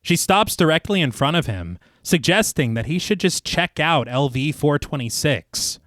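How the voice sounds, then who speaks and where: Sing-song and a bit bright, a man narrates a scripted film recap at a moderate pace for the podcast he co-hosts. The recording is dry and clean. He leans into dramatic storytelling and casual asides, lowering his voice for quotes and laughing at his own jokes.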